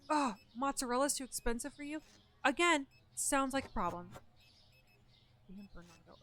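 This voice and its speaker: A woman with a rather high, sharp, bright voice chats through a live game stream from home, mocking herself and now and then hollering loudly at on-screen customers. Faint game music plays behind her. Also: moderate pace, long pauses. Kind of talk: casual live-stream commentary while gaming.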